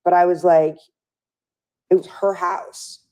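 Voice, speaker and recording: A woman recounts events in a candid interview with a low, warm voice. She is an animated storyteller who keeps acting out the lines of the people in her story. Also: slow pace. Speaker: interview guest.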